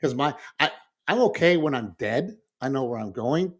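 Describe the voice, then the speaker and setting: A man's voice: mid-range voice, expressive. Guy talking about losing his dad, middle voice, stops and restarts a lot, little laughs. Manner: halting, with restarts and soft laughs while telling a personal story. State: grieving. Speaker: podcast co-host. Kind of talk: casual conversation.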